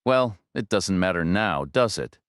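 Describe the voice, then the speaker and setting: A man voicing a frail old woman who speaks hesitantly, wavering, low and resigned. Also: expressive, unhurried, fairly bright tone, clear, resonant tone, dry recording, clean studio sound.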